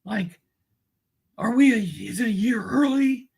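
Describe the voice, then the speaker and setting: Gravelly, husky male co-host. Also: extremely high pitch, a little slow. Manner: relaxed, casual, hesitant with fillers. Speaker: co-host and fantasy analyst. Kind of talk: casual chat.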